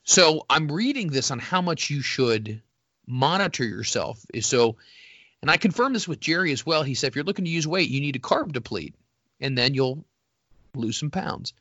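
A man in easygoing banter who rambles and pokes fun at himself, his voice bright and forward. His pitch swings a lot as he talks. The sound is dry and a little muffled. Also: expressive, moderate pace, no echo. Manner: rambling, self-deprecating, laughs often. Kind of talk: casual banter.

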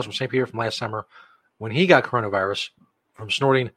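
Bright, sharp-voiced comedic podcast host man. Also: medium pitch, no room sound, low-quality recording. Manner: irreverent, jokey, drawn-out emphasis. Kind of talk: comedic live-stream show talk. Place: studio.

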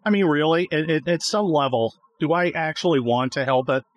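Ranting and cursing at the traffic, a man hosts a podcast from his car with sarcastic, casual chat as he drives. He speaks fairly quickly in a slightly high voice, and the low-quality recording has no room sound.

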